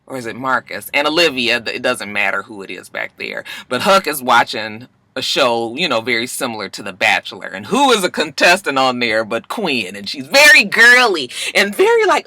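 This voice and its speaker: Sassy woman recapping TV, very bright voice. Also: rumbling low, big pitch swings, normal speed, hardly any pauses, dry recording. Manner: sassy, chatty storytelling with frequent "okay?"; acts out characters' lines in shifting voices. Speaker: TV review vlogger. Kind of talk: casual episode recap.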